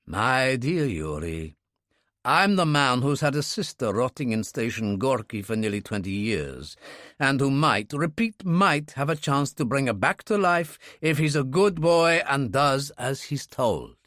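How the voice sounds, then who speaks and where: A man reading an audiobook, voicing a calm, guarded man who speaks low and measured. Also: no echo, clean studio sound.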